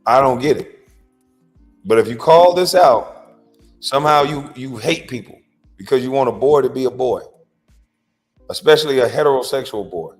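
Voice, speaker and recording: A man delivers a blunt opinion monologue at a mid-range pitch, lecturing with emphatic, slangy speech. Faint music plays underneath. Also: expressive, normal speed, long pauses. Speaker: commentary host.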